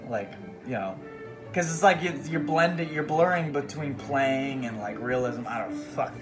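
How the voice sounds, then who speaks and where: A man's voice: medium pitch, moderate pace, over music. A man hosting a podcast, giving a profane, rambling, comedic book report. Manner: profane, rambling, animated retelling. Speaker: podcast host.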